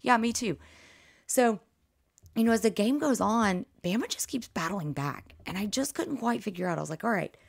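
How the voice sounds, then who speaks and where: A woman, hosting a casual sports recap podcast, excitable and animated, her voice nearly worn out. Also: mid-range voice, normal speed, no echo, studio quality. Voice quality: gravelly. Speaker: podcast host.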